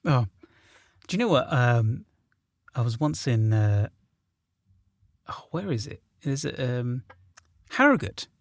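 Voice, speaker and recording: A man's voice: medium pitch, very animated, slow pace, pauses often, no echo, clean studio sound. A man with a southern English accent, a guest in a casual podcast chat, talking hesitantly with many ums and restarts. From south of England.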